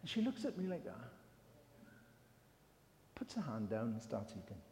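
A man's voice: medium pitch, huge pitch swings, normal speed, darkish tone, a little hiss or hum. An older man with an English accent giving an informal sermon, chatty and self-deprecating as he tells a story. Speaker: lay preacher. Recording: reverberant hall.

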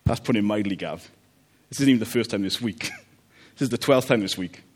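A man preaching a relaxed, conversational sermon, joking about family life and often checking in with "okay?". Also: fairly low pitch, fairly quick. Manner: chatty, jokey, checks in with "okay?".

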